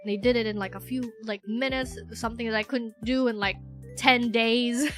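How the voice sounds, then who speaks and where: Young female streamer from the Philippines, bright forceful voice, rambly and giggly, faint music underneath. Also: a little high, moderate pace. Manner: rambling, giggly, filler-heavy, self-mocking. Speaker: VTuber streamer. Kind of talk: casual livestream chat.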